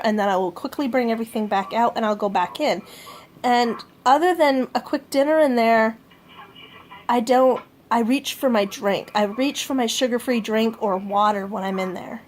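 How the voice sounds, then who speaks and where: A woman rambling casually through a home food diary vlog, often pausing with fillers and correcting herself. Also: a little high, a little hiss or hum. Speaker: vlogger.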